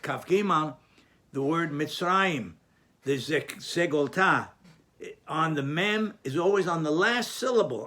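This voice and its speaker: A man's voice: a little high, fairly bright tone. A man teaching a spoken lesson on cantillation, patient and explanatory, often restarting his phrases.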